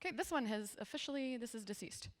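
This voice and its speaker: A woman in her forties giving a conference workshop talk, telling stories in a lively, conversational way with asides to her audience. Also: a little high, quick pace. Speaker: workshop presenter. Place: conference room with a seated audience.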